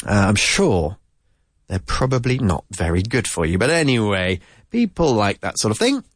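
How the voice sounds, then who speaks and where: A man teaching vocabulary to Spanish speakers in a relaxed, chatty way, repeating words slowly to drill their pronunciation. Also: fairly low pitch, no room sound, clean studio sound. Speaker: English teacher. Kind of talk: casual language lesson.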